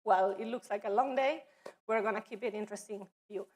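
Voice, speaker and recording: A woman's voice: medium pitch, brisk, a little mellow. A woman with a foreign accent opening a workshop for educators as its coordinator, speaking hesitantly with many fillers and restarts, in a training room. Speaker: immigrant relations coordinator. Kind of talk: workshop welcome and presentation. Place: training room with audience at tables.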